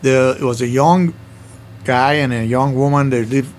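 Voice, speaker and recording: Older guy reminiscing, mid-pitch voice, rambly, restarts a lot, faint hiss behind. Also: fairly even intonation, moderate pace. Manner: rambling, broken grammar, frequent restarts. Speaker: former restaurant owner, guest. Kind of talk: casual interview storytelling.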